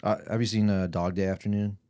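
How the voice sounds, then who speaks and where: Podcast guest: young man, very low voice, loose rambling delivery with lots of swearing. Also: fairly even intonation, quick pace, dark tone, no room sound, clean studio sound. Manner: rambling, profane, laughs through stories. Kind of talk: casual chat.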